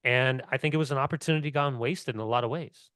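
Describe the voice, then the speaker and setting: A man's voice: medium pitch, fast talker, a bit bright, no echo, clean studio sound. A middle-aged man, a former player co-hosting a soccer podcast, telling long rambling stories packed with "like" and swearing. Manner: rambling, storytelling, heavy on "like" and swearing. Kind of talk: casual sports chat.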